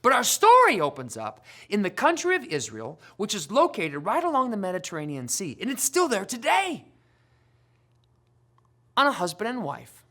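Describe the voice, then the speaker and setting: A woman hosting a children's church show, telling a Bible lesson in a playful, animated storytelling manner. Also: high-pitched. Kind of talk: lively kids' Bible lesson.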